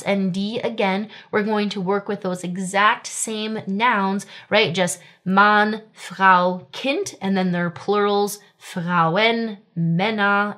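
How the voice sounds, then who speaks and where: A woman with a mid-range, slightly bright voice gives a casual German grammar lesson, walking through each step and repeatedly asking "right?" She pronounces the German example sentences slowly.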